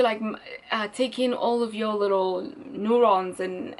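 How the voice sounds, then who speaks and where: A woman's voice: mid-range voice, fairly even intonation, unhurried, low-quality recording. Rambling woman with an Italian accent. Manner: rambling, searching for words, frequent restarts. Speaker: vlogger. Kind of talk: candid storytime monologue.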